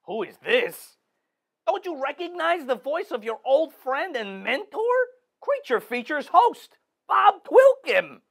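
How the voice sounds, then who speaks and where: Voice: sits high, very animated, a little slow, gravelly, fairly bright tone, full character voice. Performer doing a grumpy ghost of a horror host, phone call, fake French accent, swooping voice. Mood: pompous. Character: cranky ghost of an old male horror host.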